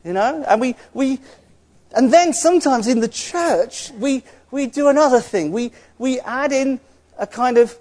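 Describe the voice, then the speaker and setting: High-pitched guy preaching, chatty and earnest, talks right to the people in front of him. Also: darkish tone. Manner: conversational, earnest, with asides to the congregation. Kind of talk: sermon.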